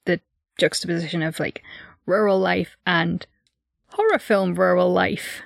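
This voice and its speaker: A woman's voice: lowish voice, fairly even intonation, measured pace, vocal fry, no room sound, studio quality. A woman from England co-hosting a true-crime podcast, musing casually with many filler words. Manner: reflective, lots of 'like' fillers. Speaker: podcast co-host.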